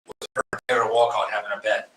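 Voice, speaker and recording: A man's voice: on the low side, completely flat delivery, quick pace. A man co-hosting a casual chat show, telling stories in an easygoing way. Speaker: co-host. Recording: roomy and distant with faint noise.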